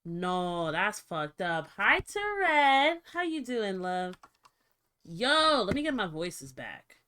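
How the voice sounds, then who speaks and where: A woman streamer with a lively voice that swings high and low, talking casually to her chat at an unhurried pace. She swears freely and reacts out loud as she tinkers with her settings. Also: clear, resonant tone. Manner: expressive, swears freely, talks to chat while fiddling with settings. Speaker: livestreamer.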